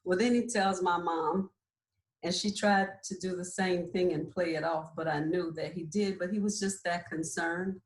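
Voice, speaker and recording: A woman's voice: lowish voice, fairly even intonation, normal speed. A woman in her forties, a nurse practitioner, earnestly explaining and sharing her own story, often checking in with "right?". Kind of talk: candid personal storytelling. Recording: roomy echo.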